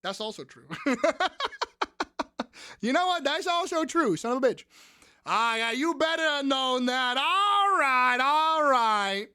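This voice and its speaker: A woman hosting a live-stream trivia game, excitable and profane, often breaking into shouts and squeals. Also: sits high, slow, clear, resonant tone, no room sound, clean studio sound.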